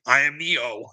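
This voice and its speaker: A man's voice: mid-range voice, bright, forceful tone. A man ranting casually on a livestream, swearing freely, laughing often and calling his viewers "bud".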